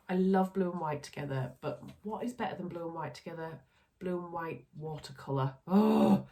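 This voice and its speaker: Low-pitched Yorkshire woman, chatty and upbeat, casual vlog host. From Yorkshire, England. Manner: chatty, upbeat, talks through sewing makes with asides. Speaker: sewing vlogger. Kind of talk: casual chat.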